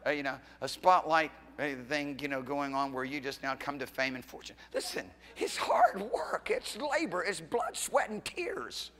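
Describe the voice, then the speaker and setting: A middle-aged man preaching as pastor in a church sanctuary, his fairly high voice ringing with a long reverb tail. He swings between loud, fiery exhortation and sudden hushed asides, pressing the congregation with teasing questions.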